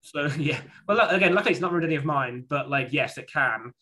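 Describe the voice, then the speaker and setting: Man, bright tense tone, casual chat co-host, rambling anecdote delivery with restarts. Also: fairly high pitch, expressive, fast. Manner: rambling storytelling with many restarts and fillers. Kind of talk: casual conversation.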